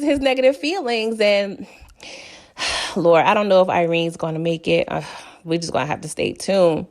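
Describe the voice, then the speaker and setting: A woman giving a casual, chatty recap of a TV episode. She laughs often and fills her talk with "you know". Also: medium pitch. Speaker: TV recap host.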